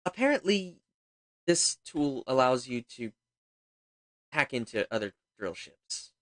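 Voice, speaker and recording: A man's voice: medium pitch, big pitch swings, slow pace, pauses often, fairly bright tone, dry recording. A man from the United States chatting casually while streaming a game, rambling and thinking aloud. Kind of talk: casual gaming livestream chat.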